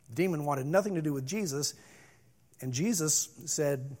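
A middle-aged male pastor preaching a sermon, moving between loud emphasis and hushed calm. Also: fairly high pitch, normal speed.

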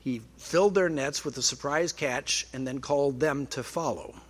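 A man's voice: medium pitch, moderate pace. A man preaching a sermon in a conversational way, with dry self-deprecating humor. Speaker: pastor.

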